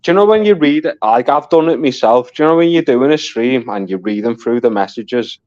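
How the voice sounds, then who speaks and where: Swearing freely and laughing often, a male guest on a live stream shares stories in a casual chat. He speaks at medium pitch, expressively and fairly quickly, in a slightly mellow voice, though the audio is dull and lo-fi with no room sound.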